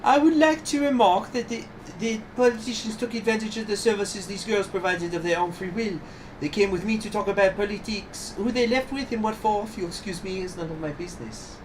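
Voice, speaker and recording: A man's voice: high voice, brisk, recorded from a distance, noisy background, voice pushed up, lightly acted. A man putting on a cheeky Cockney madam. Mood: cheeky, evasive. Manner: chirpy, cheeky, evasive. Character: brash Cockney brothel madam, sly and unflustered. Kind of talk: reading game dialogue aloud.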